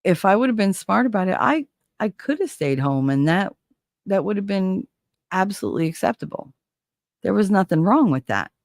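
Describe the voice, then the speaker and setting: A woman's voice: mid-range voice, big pitch swings, normal speed, no echo. A middle-aged woman with a New Jersey accent, hosting a casual livestream chat in a candid, profane, chatty way. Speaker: livestream host.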